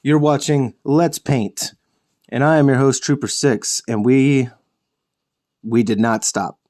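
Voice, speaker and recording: A man's voice: mid-range voice, steady tone, slow, a little mellow. A young man hosting a miniature painting show, chatting casually while he paints, rambling, correcting himself and joking with the odd curse. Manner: rambling, self-correcting, jokey with swearing.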